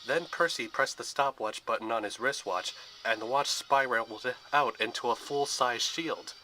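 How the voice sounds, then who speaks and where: Narrator: a man, bright and sharp, steady expressive storybook reading. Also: medium pitch, normal speed, a little hiss or hum, poor audio.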